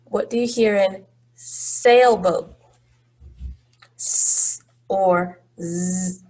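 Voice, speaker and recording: A woman's voice: medium pitch, extremely slow, darkish tone. A woman teaching a phonics lesson to young children, patient and encouraging, drawing out each word.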